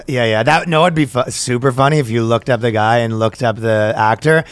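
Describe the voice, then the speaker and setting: A man's voice: medium pitch, brisk, clean tone, no echo. A man co-hosting a comedy podcast, joking and riffing on bits. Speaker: podcast co-host. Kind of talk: casual comedic chat.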